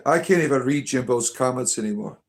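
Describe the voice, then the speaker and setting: A man's voice: mid-range voice, brisk. Sarcastic man hosting a livestream. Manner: sarcastic, mock-preachy, trails off with filler words. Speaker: livestream host reading chat. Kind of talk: casual livestream chat.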